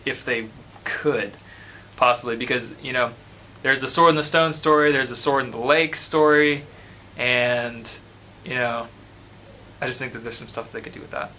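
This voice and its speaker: A man musing about a film idea, thinking aloud with many pauses and fillers. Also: medium pitch, bright, forceful tone, slight background noise, low-quality recording. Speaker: student. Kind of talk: casual commentary.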